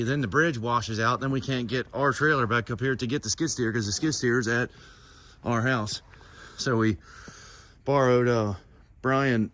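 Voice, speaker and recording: A man's voice: medium pitch, fairly even intonation, moderate pace, long pauses, bright, forceful tone, soft background music. A man hosting his vlog, talking casually and rambling through his plans with plenty of fillers. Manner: rambling, with many fillers and restarts. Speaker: vlogger host.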